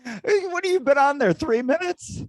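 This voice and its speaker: A man's voice: very high voice, expressive, moderate pace, no room sound. A man co-hosting a casual podcast chat, throwing in teasing asides and chuckles. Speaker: podcast co-host.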